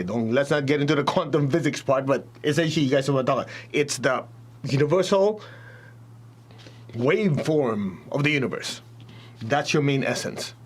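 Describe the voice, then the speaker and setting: Husky, animated man giving a spiritual talk. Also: medium pitch. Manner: animated storytelling, addresses audience directly. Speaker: spiritual teacher.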